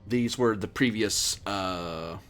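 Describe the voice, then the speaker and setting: Man, game master, tabletop narration, low voice, casual, lots of fillers. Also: takes it slowly, faint music behind. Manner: relaxed, with many fillers and self-corrections.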